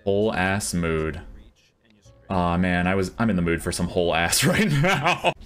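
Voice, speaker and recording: A man streaming a game, swearing often, laughing and reacting loudly to what happens on screen. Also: low-pitched, expressive, measured pace. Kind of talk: casual gameplay streaming.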